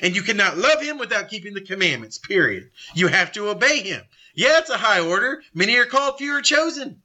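A middle-aged man leading a Bible study, blunt and confrontational, with quick asides to his group. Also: high-pitched, big pitch swings, bright, forceful tone. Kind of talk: forceful Bible study teaching.

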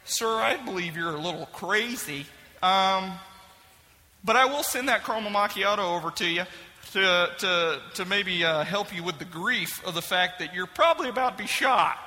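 A man voicing a polite, bored male coffee shop barista who talks flatly and hesitantly with ums. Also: sits high, moderate pace, long reverb tail, voice pushed down, exaggerated voice. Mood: deadpan. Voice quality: flat, deadpan, hesitant with ums.

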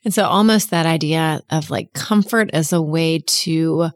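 A woman's voice: sits low, measured pace, no room sound, clean studio sound. A woman therapist co-hosting a casual chat, who reflects on and sums up what the others say. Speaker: podcast co-host, therapist.

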